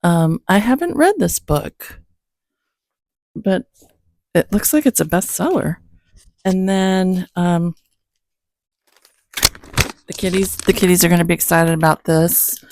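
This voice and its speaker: A woman chats casually at a slow, unhurried pace, her voice slightly low with a gravelly fry. The sound is dry and close. She rambles, restarts her sentences and makes small self-deprecating asides as she hosts her own show. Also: darkish tone, dry recording. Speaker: host of a Bible-reading channel. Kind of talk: casual chat.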